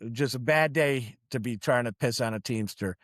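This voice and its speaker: A man's voice: mid-range voice, normal speed, dry recording, clean studio sound. A man, a union truck driver from New York, telling blunt, profane work stories in casual podcast chat.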